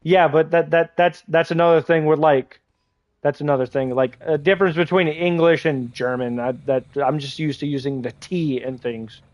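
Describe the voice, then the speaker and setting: A man's voice: fairly high pitch, fairly even intonation, normal speed, no room sound. Rambling man streaming a game. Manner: rambling, heavy use of "like", many restarts. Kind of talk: casual chat while gaming.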